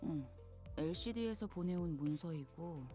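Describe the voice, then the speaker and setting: A woman's voice: on the low side, lively intonation, racing, warm tone, soft background music, lightly acted. A woman voicing an irritable, diligent young sailor. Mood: exasperated. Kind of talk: Korean game voice acting.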